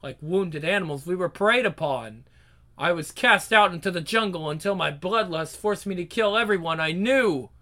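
A man's voice: sits high, moderate pace, sharp tone. A man voicing a defiant, bitter woman vampire in an earnest, dramatic way.

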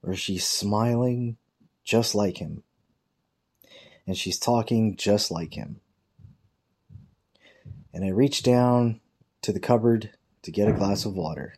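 Low, mellow man telling a profane story. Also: slow pace, pauses often, breathy edge. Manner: profane, rambling anecdote with quoted dialogue; mocking impressions of coworkers. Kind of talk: casual storytelling.

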